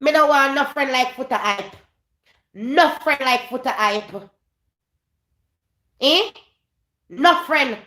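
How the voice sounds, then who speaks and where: A Jamaican woman with a high, bright voice rants through a gossip commentary vlog, hammering her points by repeating them. She drifts between English and Patois. The sound is roomy and echoey. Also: expressive, slow pace, long pauses. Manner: emphatic, repeats phrases, slips into Patois. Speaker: vlogger host.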